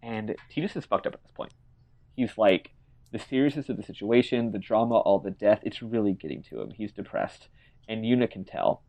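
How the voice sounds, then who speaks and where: A man's voice: fairly low pitch, expressive, a little fast, creaky, a little mellow. A man co-hosting a podcast, casually recapping a game's plot and acting out characters' lines with laughs and swearing. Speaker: podcast co-host. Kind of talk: casual chat recapping a game.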